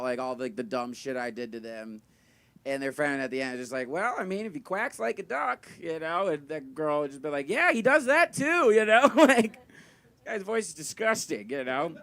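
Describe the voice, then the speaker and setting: High-voiced self-deprecating young comedian. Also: male voice, fairly bright tone. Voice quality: high, thin voice he calls dumb. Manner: self-deprecating, rambling with many fillers. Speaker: stand-up comedian. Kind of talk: stand-up comedy set. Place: comedy venue with live audience.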